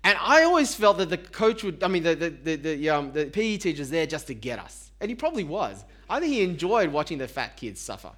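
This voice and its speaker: Male preacher with a high voice; casual, talky sermon with questions to the room. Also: very animated, fairly quick, hardly any pauses, a bit bright. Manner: conversational, asks the congregation rhetorical questions; self-deprecating humor.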